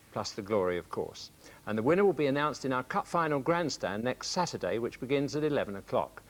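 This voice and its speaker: A man presenting a televised football highlights show in a clear, measured, scripted style. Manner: clear, measured announcer delivery.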